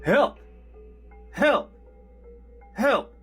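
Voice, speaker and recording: A man's voice: big pitch swings, very slow, fairly bright tone, faint music behind, heavily acted. A man voicing a pack of predatory dinosaurs that imitate the panicked cries of their human victims. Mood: frantic. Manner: shrill desperate screaming. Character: Dilophosaurus pack mimicking frantic human cries.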